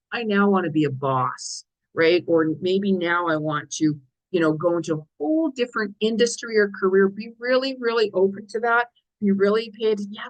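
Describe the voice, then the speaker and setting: A woman's voice: mid-range voice, rough recording. A middle-aged woman psychic giving a weekly forecast in a casual, chatty way, acting out little quoted asides as she goes. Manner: chatty, animated, many quoted asides and restarts. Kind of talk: casual chat.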